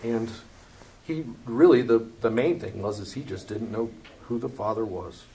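A man's voice: lowish voice, animated, normal speed, vocal fry, mellow, low-quality recording. A man teaching from the Bible in a casual way, reading passages aloud and then explaining them with fillers. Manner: reads scripture then comments casually, with fillers and laughs.

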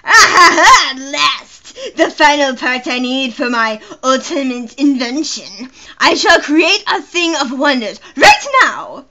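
Brief: cackling mad scientist man, high and bright, theatrical, put on by a woman. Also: lively intonation, measured pace, exaggerated voice. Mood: gleeful. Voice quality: theatrical, gleeful. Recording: dull lo-fi recording.

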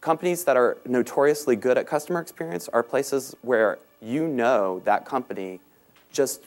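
A man with a Southern US accent giving a conference talk on business topics. He speaks quickly with many "um"s and pokes fun at himself. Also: medium pitch. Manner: self-deprecating, quick, many ums. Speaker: panel speaker. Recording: talk recorded in a meeting room.

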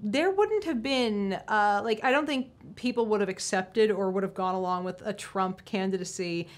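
A woman in casual onstage conversation, animated and profane, often acting out quotes in mocking voices. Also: medium pitch, normal speed. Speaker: panel guest.

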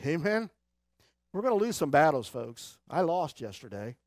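A man preaching a church sermon, swinging between loud urgent exhortation and quiet low asides, with a Midwestern American accent. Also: sing-song, normal speed, no echo, clean studio sound. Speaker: pastor. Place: church sanctuary.

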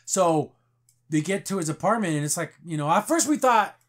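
Man, high voice, casual podcast chat, acts out lines as he retells. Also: moderate pace. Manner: animated retelling, acting out characters' lines. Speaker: podcast host.

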